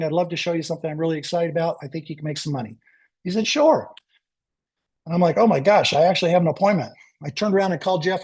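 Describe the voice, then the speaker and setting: A man giving a motivational talk to a sales team, telling an energetic story and acting out the dialogue. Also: high-pitched. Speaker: motivational speaker.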